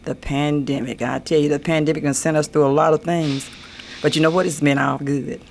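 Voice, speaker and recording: A woman's voice: deep voice, fairly even intonation, fairly quick, creaky, a little mellow. An older woman, a senior pageant queen, answering radio interview questions in an earnest way, often repeating her phrases. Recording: AM radio broadcast with faint noise.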